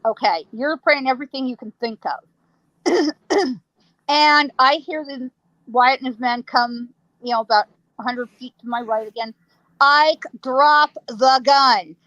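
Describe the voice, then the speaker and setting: A woman, a psychic guest, telling a ghost story in a lively way, laughing often and acting out sounds. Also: fairly high pitch, a little slow, no room sound, highs cut off.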